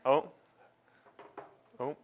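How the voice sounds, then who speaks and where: Drawing out his words, this man presents a science livestream on a wireless mic, the audio narrow and tinny. The physicist keeps things casual, self-deprecating, and full of laughter.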